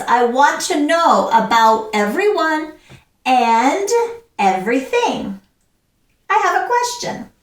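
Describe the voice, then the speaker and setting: A woman teaching a basic English lesson, speaking with sing-song, exaggerated emphasis and deliberate pauses. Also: sits high, fairly bright tone, roomy sound, far from the mic. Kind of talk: slow, deliberate classroom lesson for learners.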